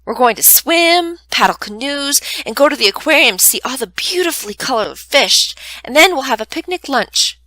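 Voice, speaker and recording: A woman's voice: high voice, animated, moderate pace, hardly any pauses, bright, forceful tone, dry recording, pitched above the performer's own voice, rough recording. A woman reading aloud, voicing an eager young girl who talks nonstop. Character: chatty excitable young girl, big sister.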